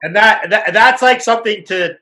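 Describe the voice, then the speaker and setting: Man, podcast host, casual and profane, with a bright, tense edge to a fairly high voice. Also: moderate pace, rough recording.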